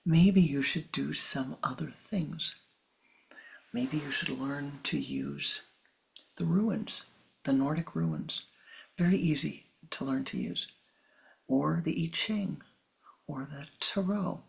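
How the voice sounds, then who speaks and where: A spiritual teacher giving a slow, meditative talk, often repeating phrases and dropping into soft, whispery stretches. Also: mid-range voice, creaky.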